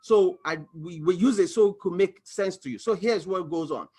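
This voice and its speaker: Animated high-voiced man explaining money. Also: moderate pace, slightly rough. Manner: animated, acts out little dialogues, exclaims. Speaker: financial coach. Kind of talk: screen-share explainer talk.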